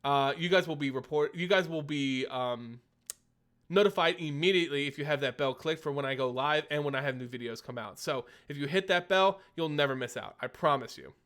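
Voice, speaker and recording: A young man chats through a relaxed live stream, answering his viewers one question after another. His voice sits a little high for a man and is slightly phlegmy. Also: brisk. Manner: chatty, reads and answers chat questions. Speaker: streamer host. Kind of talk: casual live-stream chat.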